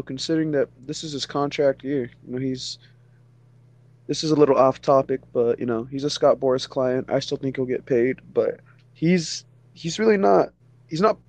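A man's voice: on the high side, darkish tone, dry recording. A man co-hosting a casual sports podcast, talking loosely with a lot of "you know" fillers. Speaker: podcast co-host.

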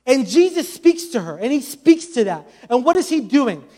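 A man's voice: very high-pitched, sing-song, normal speed, warm tone. A man preaching a sermon with passion, speaking conversationally and adding many casual asides.

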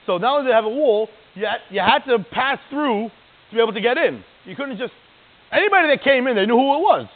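A man giving a lively, digressive lecture as a religious teacher, often checking in with "right?". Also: very high voice, fast. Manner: animated, digressive, keeps asking "right?". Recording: tinny phone-like line.

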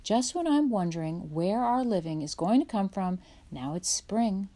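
A woman's voice: medium pitch, lively intonation, moderate pace, warm tone, lightly acted. A woman voicing a grateful, hardworking pioneer mother who speaks fondly to her husband.

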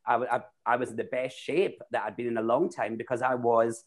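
A man's voice: medium pitch, flat delivery, fairly quick. A Scottish man, a drag performer and actor, talking casually and rambling through stories with many restarts. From Scotland. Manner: chatty, rambling, with frequent restarts. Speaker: guest, drag queen and actor. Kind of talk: casual chat.

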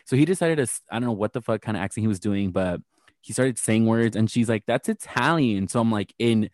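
A man with a fairly low voice chats on a podcast in a blunt, profane, rambling way. The sound is dry and close. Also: fast, mellow, no room sound. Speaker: podcast co-host. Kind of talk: casual chat.

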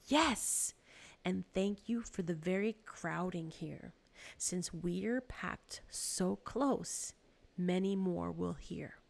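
A woman's voice: lowish voice, slow pace, vocal fry, heavily acted. A woman reading aloud and voicing a devout, serene woman prisoner who speaks eagerly and insistently to her sister.

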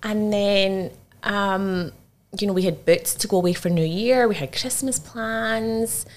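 A woman's voice: mid-range voice, a little slow. A woman, a dating coach guest, telling her story in casual chat and acting out the dialogue she recounts.

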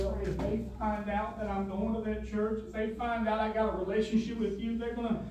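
A man preaching a sermon with plain, folksy grammar, moving from quiet asides to booming, dramatic lines. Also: level tone, brisk, background noise. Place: church sanctuary. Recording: echoey room from a distant mic.

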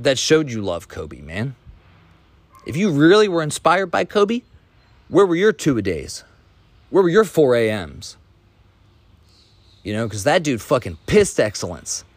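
A man's voice: lowish voice, no echo. A man hosting a podcast, giving a blunt, profane, fired-up motivational rant in casual talk. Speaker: podcast host.

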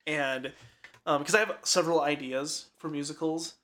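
Animated chatter who acts out scenes. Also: moderate pace, a little hiss or hum. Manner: animated, jumps into high put-on voices when acting out scenes. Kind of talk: casual chat.

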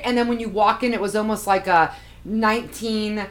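A woman's voice: a little high, brisk. A woman co-hosting a podcast in casual chat, teasing her co-host and repeating words for emphasis.

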